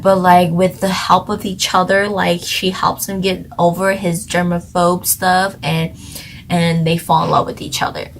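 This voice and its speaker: A woman's voice: lowish voice, level tone, measured pace, a little hiss or hum. A young woman co-hosting a channel, casually reviewing a TV drama in a rambling, chatty way full of "like". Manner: chatty, rambling, heavy use of "like".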